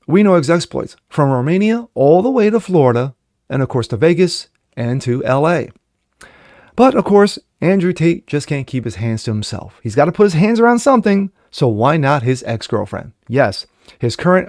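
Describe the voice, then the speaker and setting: A man's voice: on the high side, darkish tone, dry recording, studio quality. Sarcastic man reading news aloud. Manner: sarcastic, mocking asides between read-out passages. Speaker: commentary vlogger.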